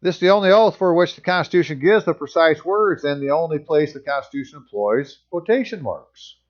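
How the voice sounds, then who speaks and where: A man's voice: a little high, lively intonation, brisk, lo-fi sound. A man reading passages aloud and commenting on them in casual, sarcastic asides as a channel host.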